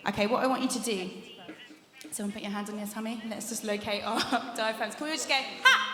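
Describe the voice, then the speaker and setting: A woman's voice: a little high, quick pace, a crowd in the background. A young woman teaching a vocal workshop, chatty and encouraging, laughing often as she demonstrates exercises. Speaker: vocal coach leading a workshop. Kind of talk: live masterclass teaching. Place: large conference hall. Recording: echoey hall with long reverb.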